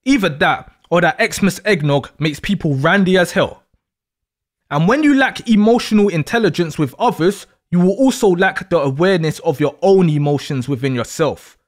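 A man hosting an astrology video, explaining in an emphatic, deliberate monologue. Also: sits high.

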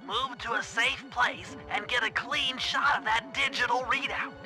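A man's voice: very high-pitched, fairly even intonation, measured pace. An actor voicing a brainy, fussy male turtle tech genius who explains plans patiently step by step, in a video game. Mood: instructing. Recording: game audio over music. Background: game music.

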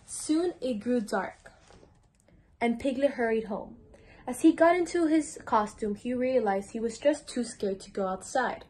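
A woman's voice: a little high, expressive, measured pace, a little mellow. A teenage girl reading a children's storybook aloud as a mentor, sometimes stumbling and restarting words. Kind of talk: children's book read-aloud.

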